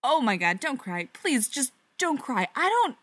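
A frantic, sarcastic young woman who babbles fast when things get awkward, as a woman reads her lines. Her pitch leaps and swoops constantly. It is a dry, close recording with no room sound. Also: very animated, a bit bright, no room sound, exaggerated voice. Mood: panicked. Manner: rapid, flustered babbling.

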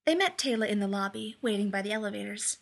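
A woman narrating a fan fiction story aloud in a lively, amused way. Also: mid-range voice, fast, creaky.

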